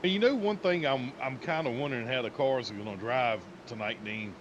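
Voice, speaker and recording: A man giving color commentary on a sim race, relaxed and analytical, with many fillers. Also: medium pitch, fairly quick, highs cut off, noisy background. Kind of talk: live sim racing commentary.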